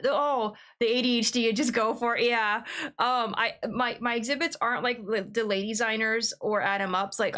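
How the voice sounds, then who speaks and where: A young woman talks through her game stream in a loose, rambling way. She gets excitable and laughs a lot as she goes. Her voice sits a bit high. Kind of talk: casual livestream chat.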